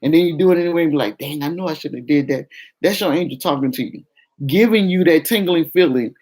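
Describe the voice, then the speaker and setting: A woman telling a personal story to her viewers in a casual chat, acting out the quoted voices by pitching up. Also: quick pace. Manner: animated, acts out quoted voices with raised pitch. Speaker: vlogger.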